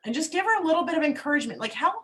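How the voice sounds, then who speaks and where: A woman's voice: high voice, animated, very fast, bright, forceful tone. A woman hosting an interview and telling a candid, emotional story from her own life as a single mother. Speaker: host. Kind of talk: casual interview conversation.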